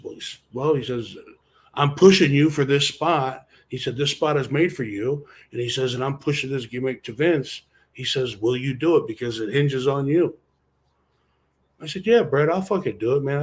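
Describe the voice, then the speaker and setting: A man being interviewed about his wrestling career, telling stories in a loose, rambling way and swearing constantly. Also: medium pitch. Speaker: interview guest, former wrestler. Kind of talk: casual storytelling interview.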